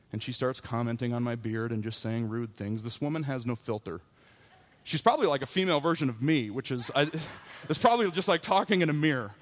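Pastor, man in his thirties, delivers a sermon in a frank, chatty storytelling manner. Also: medium pitch. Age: 30s. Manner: candid, conversational storytelling.

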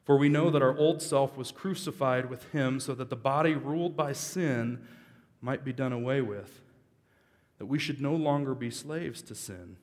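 Pastor, male, mid-pitched, preaches casually with jokes and sudden loud emphasis; sanctuary echo. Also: unhurried. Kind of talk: sermon. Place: church service. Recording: long reverb of a large hall.

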